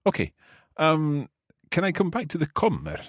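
A Scottish man hosting a podcast language lesson, repeating phrases slowly and carefully and laughing easily. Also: a little high, huge pitch swings, dry recording, studio quality. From Scotland. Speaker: podcast host and language learner.

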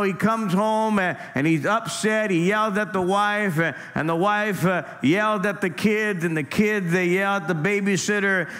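Pastor, male, high-pitched voice, chatty stop-start sermon delivery. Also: fairly bright tone. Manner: conversational preaching, lots of "man" and stammered restarts. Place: church sanctuary.

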